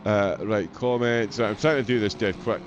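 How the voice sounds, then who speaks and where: A Scottish-accented man hosts a sim-racing stream, commentating live in a fairly low, steady voice at normal speed. He's chatty and self-deprecating with frequent "uh" fillers, and the dull lo-fi audio is dominated by loud race car noise.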